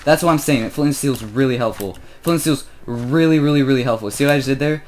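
A sixteen-year-old boy chatting casually through his own gameplay, joking about himself and growing loud and excited when he fights. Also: mid-range voice, fast talker, slight background noise. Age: teens. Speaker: gamer commentating his own play.

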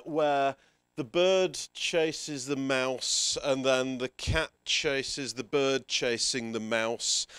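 A man presenting a workshop to a room of teachers, energetic and playful, giving instructions and making quick asides to the audience. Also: mid-range voice, smooth, no room sound. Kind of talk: lively workshop talk to teachers. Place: conference room with a live audience.

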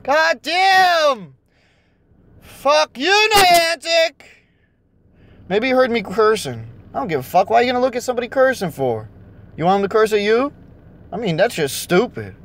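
A man's voice: high voice, very animated, fast talker. A young man ranting and cursing nonstop while driving around and vlogging. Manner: angry, cursing constantly. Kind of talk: casual rant while driving. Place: in a car.

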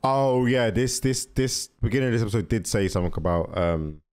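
A man hosting a reaction video, giving excitable, casual commentary. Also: lowish voice, brisk, clean tone. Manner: excitable, laughing.

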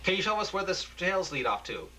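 An anxious female TV anchor in a homemade radio play, urgent and pleading, as a man raises his voice to play her. The tone is bright and sharp. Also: high voice, sing-song, fairly quick, slight background noise, pitched above the performer's own voice, full character voice, rough recording. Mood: questioning.

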